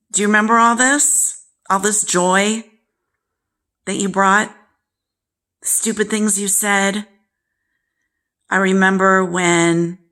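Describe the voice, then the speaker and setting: A woman with a low, gravelly voice tells a personal story to camera. She speaks slowly and candidly, with an exasperated edge, and sometimes turns to address her absent father directly. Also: a bit bright. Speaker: vlog host.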